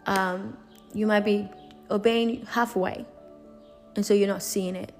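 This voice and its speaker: A woman's voice: medium pitch, fairly even intonation, slow pace, faint music behind. A woman preaching a sermon in an earnest, emphatic way, repeating and restarting her phrases.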